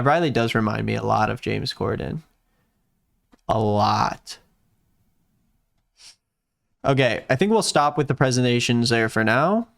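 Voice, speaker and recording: A man hosting a livestream in casual chat, sarcastic and often jumping into high mock-excited tones. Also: vocal fry. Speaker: streamer hosting.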